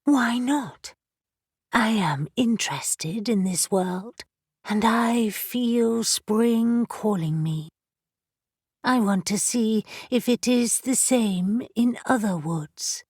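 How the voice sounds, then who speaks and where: A woman voicing a breathy, hushed female tree spirit. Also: fairly high pitch, no room sound, clean studio sound. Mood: hushed, calm. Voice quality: soft, breathy. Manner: calm, hushed, slow. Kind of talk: audiobook character voice.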